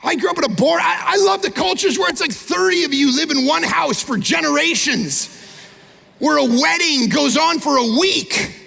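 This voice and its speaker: A man preaching an animated sermon as pastor, with shouting peaks and quick impressions of people. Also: extremely high pitch, gravelly, a little hiss or hum. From Canada. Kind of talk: energetic sermon. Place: large church auditorium. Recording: long hall reverb.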